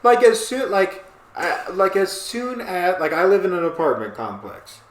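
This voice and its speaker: Guy rambling on a podcast, kinda high voice, lots of restarts, echoey room. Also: normal speed. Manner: rambling, animated, self-interrupting. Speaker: podcast co-host. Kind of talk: casual chat. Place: small apartment room.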